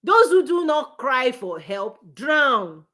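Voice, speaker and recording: A woman with a fairly high-pitched voice coaches her live-stream audience. She drives each point home with repetition and a preacher's cadence. She often breaks into a laugh between points. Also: big pitch swings, slow pace, pushed and bright. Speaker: business coach. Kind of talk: motivational live-stream talk.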